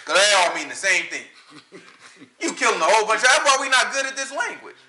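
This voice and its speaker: A man preaching with a bright, sharp voice that swings up and down. He talks in an emphatic, colloquial, mocking way. The sound carries an echo from the space around him. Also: high-pitched, sing-song, fast. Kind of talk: animated street preaching.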